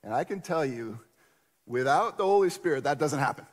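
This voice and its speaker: A man preaching a sermon in a conversational, animated storytelling way. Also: fairly high pitch, fairly quick. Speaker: pastor. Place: church sanctuary. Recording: long church reverb.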